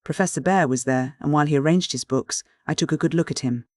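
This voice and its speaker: A man reading a classic novel aloud as an audiobook narrator, in even, clear first-person storytelling. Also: on the high side, fast talker, no echo, clean studio sound.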